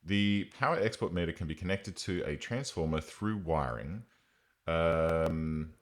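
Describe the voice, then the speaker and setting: A man streaming a game live, thinking aloud in an excitable way and swearing casually. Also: low voice. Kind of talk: gameplay commentary.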